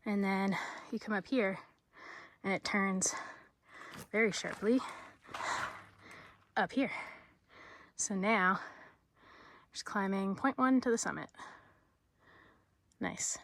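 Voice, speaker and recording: A woman hiking vlogger talking casually on a mountain trail, relaxed and unhurried, with plenty of fillers. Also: medium pitch, slight background noise. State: out of breath at times. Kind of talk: casual vlog narration on the trail.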